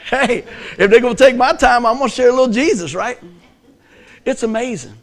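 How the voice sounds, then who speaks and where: A middle-aged man preaching a sermon as pastor, animated and joking, telling stories and acting out voices. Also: very high voice, fairly quick. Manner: animated, joking storyteller who acts out voices.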